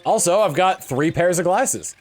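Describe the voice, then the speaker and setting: Animated young man streaming games. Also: high-pitched, normal speed, soft background music. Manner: rambling, many fillers and restarts. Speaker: game streamer. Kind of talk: casual livestream chat.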